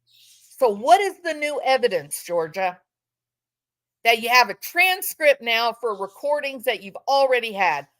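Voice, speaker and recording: Slow, impassioned woman commentator. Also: on the high side, lively intonation, a bit bright. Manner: impassioned, repeats phrases for emphasis, mock quoting. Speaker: true-crime commentator. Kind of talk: emphatic opinion commentary.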